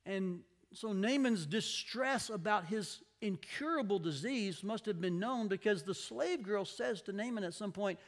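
A man's voice: high voice, a little slow, few pauses. A man preaching a conversational sermon, telling a Bible story expressively and acting out the people in it.

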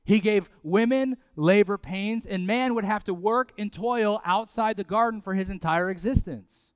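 Guy preaching, high smooth voice, chatty and lively, dry close sound. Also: normal speed, no room sound. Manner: conversational, animated preaching with asides and repetition. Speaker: pastor. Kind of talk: sermon.

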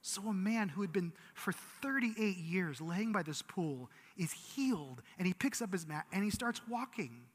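A man's voice: sits high, expressive, unhurried, hardly any pauses, husky. A man giving a sermon as pastor, earnest and conversational, with frequent restarts. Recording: long reverb of a large hall.

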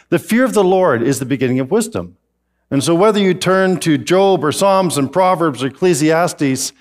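Animated man preaching a sermon. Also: fairly high pitch. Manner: animated, joking with the congregation. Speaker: pastor.

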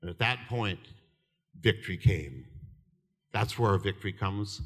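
A man in his seventies preaching a fervent sermon, telling stories with laughter and shouted lines. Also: on the low side, lively intonation, a little slow. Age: 70s. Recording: reverberant hall.

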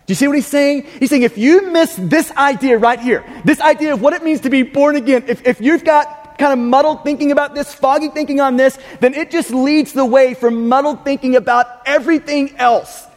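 A man preaching with a very high voice, pressing his points with repetition and frequent restarts. His words ring out in a church sanctuary with a long, lingering reverb. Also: fairly quick, few pauses. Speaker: pastor. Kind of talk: sermon.

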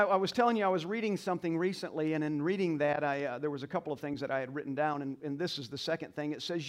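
In a church sanctuary, a male pastor with a high voice preaches a sermon to his congregation. He leads call-and-response, swinging between quiet asides and loud exclamations.

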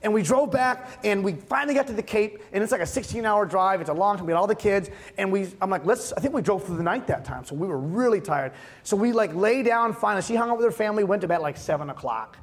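A man's voice: sits high, animated, fast. A man in his thirties, a pastor, preaching a conversational sermon with emphatic repeated refrains. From Massachusetts.

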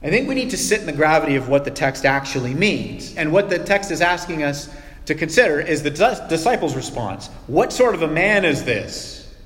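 A pastor preaching a sermon, conversational and teaching, with dramatic pauses and hushed, soft asides. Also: male voice, a little high, big pitch swings. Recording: long hall reverb.

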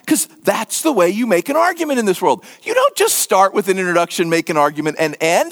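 A middle-aged man preaching a conversational sermon, animated and repetitive for emphasis. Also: sits high, a little fast, hardly any pauses. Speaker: pastor.

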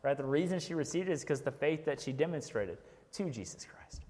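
A man preaching in a relaxed, chatty way, tossing in jokes and a frequent "right?". His voice sits a bit high for a man. The sound carries the long reverb of a big church sanctuary. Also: brisk. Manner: conversational, keeps asking "right?", jokes. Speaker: pastor. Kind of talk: sermon.

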